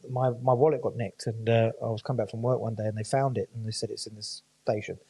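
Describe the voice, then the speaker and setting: A man's voice: on the low side, fairly even intonation, fairly quick, vocal fry, warm tone, husky. A man, a podcast guest telling his stories casually, swearing freely and acting out the voices of people he quotes. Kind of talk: casual storytelling chat.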